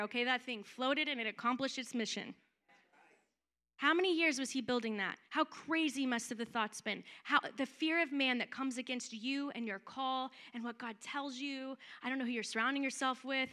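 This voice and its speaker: A young woman preaching a sermon in a lively, conversational way, acting out quotes as she goes. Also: high-pitched.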